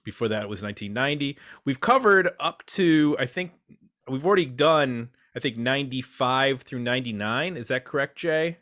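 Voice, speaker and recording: A man hosts a casual podcast roundtable in a mid-pitched voice. He is chatty and self-deprecating as he introduces his guests. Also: lively intonation, normal speed, fairly bright tone. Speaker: podcast host.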